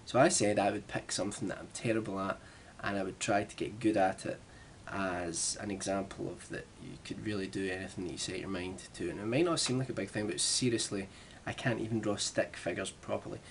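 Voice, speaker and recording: Chatty Glaswegian man, low voice. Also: steady tone, brisk, few pauses, slight background noise. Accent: Glaswegian Scottish. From Glasgow, Scotland. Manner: chatty and self-deprecating, with rambling asides. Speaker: vlogger. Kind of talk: casual vlog chat.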